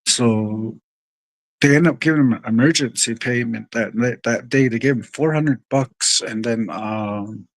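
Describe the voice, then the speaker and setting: A man's voice: medium pitch, unhurried, no echo. A man telling a long story to his viewers in a rambling, profane way, often calling out to them as "you guys.". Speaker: livestream host.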